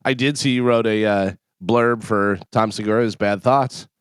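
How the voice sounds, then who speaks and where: A man's voice: lowish voice, steady tone, normal speed, clear, resonant tone, no room sound. A man co-hosting a morning radio show in the studio, chatting in an easygoing way. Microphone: studio mic.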